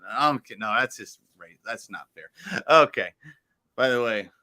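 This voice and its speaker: A man co-hosting a casual sports podcast, playful and jokey, slipping into quick rhyming riffs. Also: medium pitch, expressive, sharp tone. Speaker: podcast co-host.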